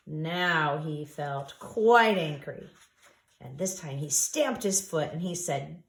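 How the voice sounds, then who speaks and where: A woman reading a picture book aloud to young children, taking her time and lingering over the words. Her pitch swings widely as she tells the story, and she invites the listeners to join in. The sound has the echo of a roomy space. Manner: expressive, drawn-out, asks listeners to join in. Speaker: storyteller for a preschool. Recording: echoey room.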